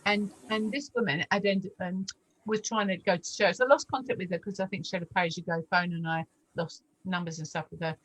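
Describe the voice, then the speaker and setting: A woman in her forties telling her faith testimony in a lively, animated way, acting out the voices in her story. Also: a little fast, poor audio. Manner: animated storyteller, acts out dialogue with big pitch jumps. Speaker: guest sharing testimony. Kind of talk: storytelling testimony in a casual chat.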